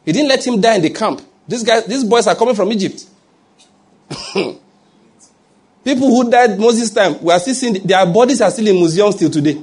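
A man's voice: high voice, expressive, normal speed, pauses often, darkish tone, husky. A man preaching a sermon, chatty and humorous, building up to emphatic points. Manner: conversational preaching, humorous asides, rising to emphatic. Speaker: pastor.

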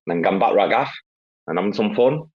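A man's voice: on the low side, lively intonation, quick pace, breathy edge. Sweary Northeast English man, lo-fi. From Northeast England. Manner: loud, sweary storytelling. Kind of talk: casual chat.

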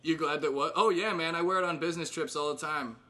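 A man's voice: on the high side, fairly even intonation, fast talker, pushed and bright. A man in his thirties casually catching up with old friends, rambling with fillers and laughing often. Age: 30s. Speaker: host.

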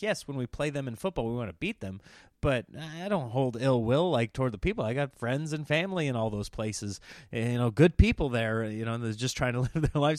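A man's voice: medium pitch, dry recording, clean studio sound. Rambling Nebraska-raised man telling stories. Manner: rambling, animated storytelling with acted-out quotes. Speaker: comedian and podcast host. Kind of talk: casual monologue.

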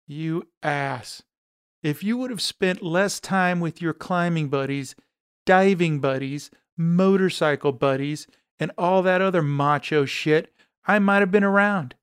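A man's voice: a little high, a little slow, smooth, no echo, clean studio sound, natural voice. A man voicing a ranting woman boss. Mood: furious. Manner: ranting, sharp-tongued. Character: angry demanding woman insurance boss.

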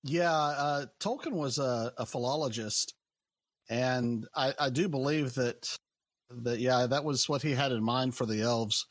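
Man, casual chat, relaxed and rambling, medium pitch, dry recording. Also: a little slow, no echo.

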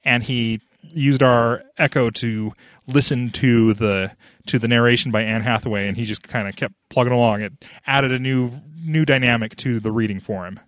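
A man's voice: mid-range voice, fairly even intonation, moderate pace, a bit bright, no echo, studio quality. Chatty man hosting a podcast. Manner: chatty, restarts sentences often. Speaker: podcast host. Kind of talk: casual chat.

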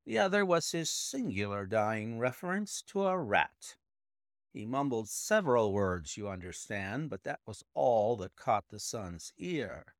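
A man voicing a brilliant, precise male detective explaining his deductions in a measured way. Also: on the low side, sing-song, no echo, studio quality.

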